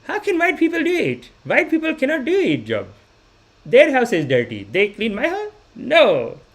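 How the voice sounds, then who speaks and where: A man's voice: very high-pitched, wildly swooping pitch, moderate pace, pitched above the performer's own voice, full character voice. A man putting on a bossy auntie. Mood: dismissive. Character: bossy older Indian immigrant mother, scolding.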